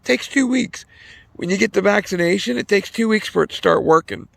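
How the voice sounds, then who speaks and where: A man's voice: high-pitched, brisk, gravelly. A man telling a rambling, profane story in a casual vlog while fishing outdoors by a pond. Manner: rambling, profane, self-correcting. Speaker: vlogger.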